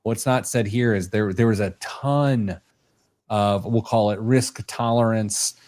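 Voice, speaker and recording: A man hosting a podcast in casual chat, animated and thinking aloud, a little self-deprecating. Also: lowish voice, measured pace. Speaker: podcast host.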